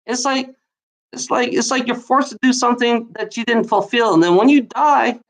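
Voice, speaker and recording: A woman's voice: a little high, normal speed. A woman in a heated, repetitive monologue, swearing often and speaking straight at someone as she rants. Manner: profane, repetitive, heated, addresses someone directly. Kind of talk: angry ranting monologue.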